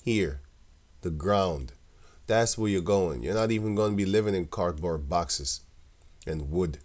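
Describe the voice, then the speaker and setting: Deep-voiced man, mocking and laughing. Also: unhurried, a little mellow. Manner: laughs often, mocking and scornful; loose and rambling, with many restarts. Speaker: religious commentator. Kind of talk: casual scripture commentary.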